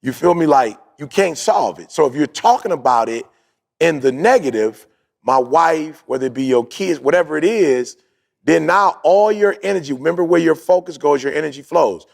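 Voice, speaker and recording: A man in casual podcast chat, telling a story in a slangy, animated way and acting out what people said. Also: on the high side, normal speed, gravelly. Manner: animated, slangy, acts out his own quotes.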